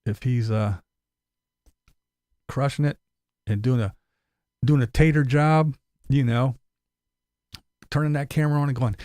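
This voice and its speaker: A man's voice: mid-range voice, unhurried, long pauses, mellow, dry recording, clean studio sound. A man hosting a casual commentary vlog, blunt and mocking, cursing freely. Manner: mocking, blunt, swears a lot. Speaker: commentary channel host.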